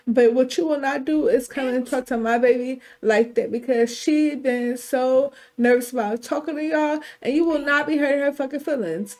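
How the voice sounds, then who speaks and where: A woman voicing a loyal young man confronting his girlfriend's mother in a heated, quick, profane rush. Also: high voice, darkish tone. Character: protective young boyfriend, loyal and fierce.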